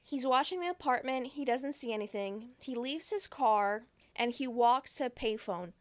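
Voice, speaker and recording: A woman co-hosting a casual podcast, retelling a film's scenes with quick acted quotes and frequent giggles. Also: a little high, lively intonation, no room sound. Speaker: podcast co-host. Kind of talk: casual movie recap chat.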